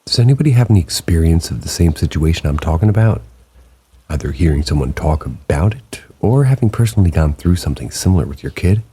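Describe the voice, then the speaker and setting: A man narrating submitted true ghost stories in a slow, hushed late-night storytelling manner. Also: lively intonation. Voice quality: very deep gravelly voice. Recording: rain sounds behind the voice.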